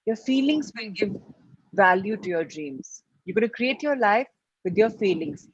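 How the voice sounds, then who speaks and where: An earnest woman, teaching a motivational class. Her voice is husky and slightly breathy. The recording sounds a little muffled and lo-fi. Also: medium pitch, animated, moderate pace, dry recording. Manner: earnest, repetitive, stresses key words. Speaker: life coach teaching a class.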